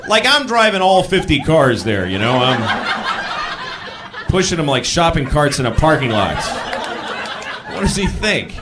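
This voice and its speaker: A man performing stand-up comedy, acting out the people in his stories by shouting them in a high voice. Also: very animated, unhurried, long pauses, background noise. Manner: acts out shouting characters in high voice. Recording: live club with crowd. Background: audience laughter.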